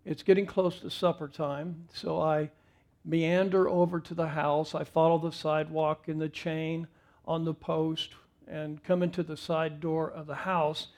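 A man with a fairly high voice preaching to his congregation. He speaks in a folksy, self-deprecating way, mixing a homely story with plain teaching from the text. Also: flat delivery, measured pace, darkish tone. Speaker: pastor. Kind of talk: sermon with personal story.

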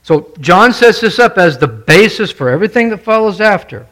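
A man's voice: sits high, sing-song, moderate pace, fairly bright tone. A male pastor preaching a sermon, stressing and repeating his key points and putting questions to the congregation.

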